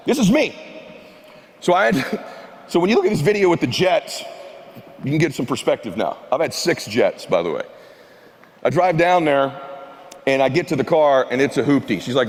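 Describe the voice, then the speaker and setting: A middle-aged man with a gravelly, fairly high voice tells a self-mocking keynote story from a stage. He drops to hushed asides, then builds to shouting. A long hall reverb trails every word. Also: very animated, moderate pace, long pauses. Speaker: motivational speaker. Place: large event hall stage.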